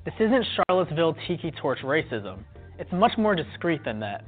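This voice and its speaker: Lively, wry male documentary narrator. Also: fairly high pitch, moderate pace. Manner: wry and playful. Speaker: video narrator. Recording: tinny lo-fi clip with faint music.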